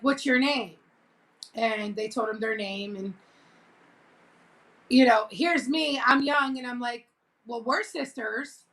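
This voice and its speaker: Woman vlogging, high bright voice, chatty and animated, acts out the quotes. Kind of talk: casual storytelling.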